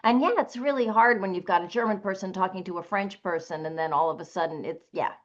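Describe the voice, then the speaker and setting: A woman's voice: medium pitch, fast. Woman, audiobook narrator, emphatic, opinionated, panel talk, muffled lo-fi sound. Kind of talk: panel discussion. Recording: dull lo-fi recording.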